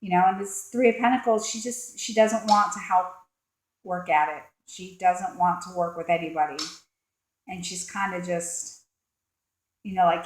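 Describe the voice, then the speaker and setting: A woman with a fairly low, level voice speaks at a normal speed, giving a casual tarot reading. She rambles, fills her talk with fillers, and acts out the thoughts of the people pictured in the cards. The recording carries a roomy echo.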